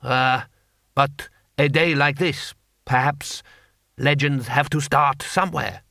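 Brief: man doing a hesitant warlord, slow and creaky, audiobook. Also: medium pitch, steady tone, pushed and bright, no room sound, clean studio sound, full character voice. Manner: hesitant, stumbling. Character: nervous, hesitant male warlord.

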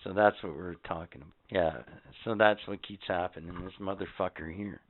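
His low voice holds a steady tone and a brisk pace, with no room sound but a tinny, phone-like recording. Co-hosting a casual podcast, he delivers his stories as an angry, profane rant.

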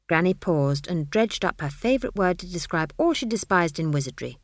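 A woman narrating a comic fantasy novel with expressive, dramatic storytelling. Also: lowish voice, a little fast, few pauses, no room sound, clean studio sound. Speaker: audiobook narrator. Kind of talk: scripted narration.

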